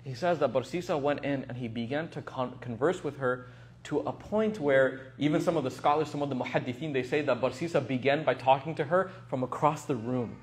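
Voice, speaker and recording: A young man and religious teacher giving a casual storytelling talk in a lively, animated way. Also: mid-range voice, a little fast.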